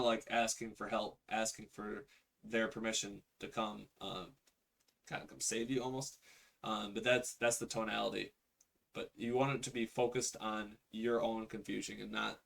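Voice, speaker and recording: A man walks through a sales call script on screen, acting out each sample line in a casual, conversational way. His voice sits low with a gravelly edge, and the delivery stays fairly flat. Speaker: real estate sales coach. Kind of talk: instructional screen walkthrough.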